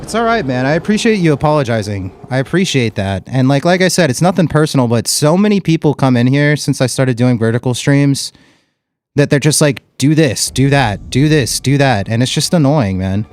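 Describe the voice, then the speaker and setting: A man's voice: mid-range voice, lively intonation, a little fast, darkish tone. Casual young man streaming a game. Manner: casual and blunt, calls people dude and bro. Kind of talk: live gameplay commentary with chat.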